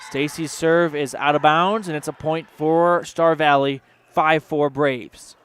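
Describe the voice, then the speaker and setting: Smooth-voiced radio play-by-play man. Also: fairly high pitch, fairly even intonation, a bit bright. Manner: rapid play-by-play with sponsor mentions. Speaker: play-by-play announcer. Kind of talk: local radio sports commentary.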